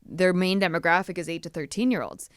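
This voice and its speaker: Easygoing woman, smooth low voice. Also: no room sound, studio quality. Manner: easygoing, quick agreeing reactions, laughs often. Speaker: podcast host. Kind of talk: casual chat.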